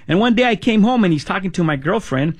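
A middle-aged man telling his personal testimony, casual and halting, often repeating words and saying "man". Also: high voice, lively intonation, husky. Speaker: guest sharing testimony.

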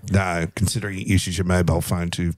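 Dry-witted Australian radio host, lowish voice. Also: male voice, flat delivery, fast talker. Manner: dry teasing, sarcastic asides. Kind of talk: casual radio banter.

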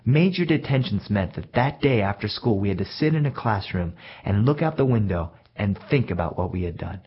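A man's voice: lowish voice, lively intonation, a little fast, breathy edge. A man earnestly telling a personal story from his childhood in a reflective way. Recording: dull lo-fi recording.

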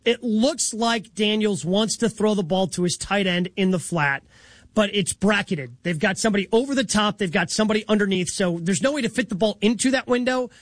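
A man hosting a sports talk radio show, breaking down plays in a brisk, conversational way. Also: sits high, dry recording. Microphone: studio microphone.

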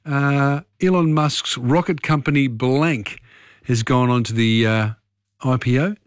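A man hosting a late-night radio quiz, chatty and quick to laugh. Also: mid-range voice, dry recording, clean studio sound. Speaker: radio host. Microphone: studio microphone.

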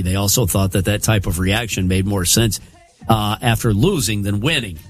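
A man hosting a radio show in casual chat, reading study findings aloud and riffing on them. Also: medium pitch. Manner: reads study findings aloud, then riffs.

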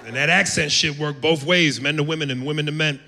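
Man, stand-up comic, from the US, profane and brash, gravelly, reverberant club. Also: fairly high pitch, fairly even intonation, brisk. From United States. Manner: brash, profane, jumps into loud impressions. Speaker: stand-up comedian. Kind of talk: stand-up comedy set. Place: comedy club stage. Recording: live club with reverb and room noise.

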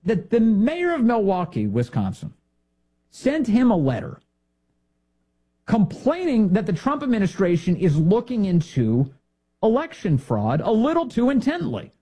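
A male political commentator delivers an indignant, sarcastic monologue, throwing out one rhetorical question after another. His voice is warm and husky, pitched a little high, with a lively, swooping delivery. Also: measured pace. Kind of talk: opinionated monologue.

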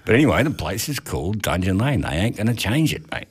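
On a radio music show, a male host chats casually and cracks jokes, sprinkling in plenty of "mate" and "no worries." His voice sits on the low side, sing-song and breathy, and he talks fast in a laid-back, jokey way.

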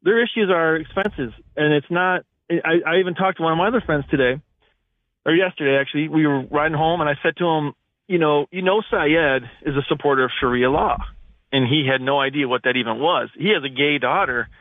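Indignant male caller from Michigan, phone line, a bit higher voice. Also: fairly quick, no room sound. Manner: indignant, rambling with restarts. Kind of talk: call-in radio talk.

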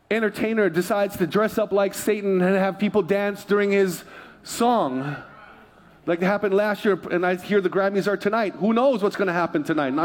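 High-voiced man preaching a sermon. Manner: animated storytelling, self-interrupting asides. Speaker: pastor.

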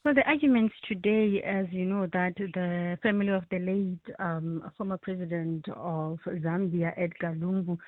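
A woman reporter files a live update down a tinny phone line, her voice low and husky. She speaks in a measured way, pausing often with ums and uhs. The sound is dry and narrow. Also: no room sound. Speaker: news reporter.

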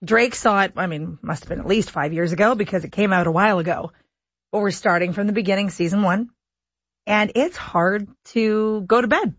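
A woman's voice: mid-range voice, no room sound. A woman hosting a radio show, teasing and joking through casual chat and handing over to the weather and traffic. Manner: playful, quick-witted. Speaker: radio host. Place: radio studio. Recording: dull lo-fi radio broadcast.

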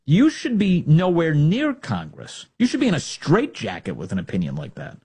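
A man's voice: a little high, huge pitch swings, normal speed, a little mellow, breathy edge. A male talk show host giving a sarcastic, combative opinion monologue with mocking asides.

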